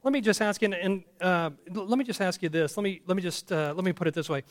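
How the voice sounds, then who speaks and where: A man's voice: sits high, fast. A man preaching a sermon, earnest and conversational, often restarting and checking in with his congregation. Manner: earnest, with frequent restarts and call-outs to the congregation. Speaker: pastor.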